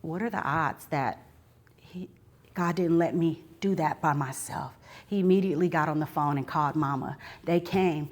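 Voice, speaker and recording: A woman's voice: sits low, normal speed, darkish tone. A woman sharing a personal testimony live at a book signing, talking earnestly and straight to her audience, sometimes rising into fervent preaching. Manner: earnest, addresses the audience directly.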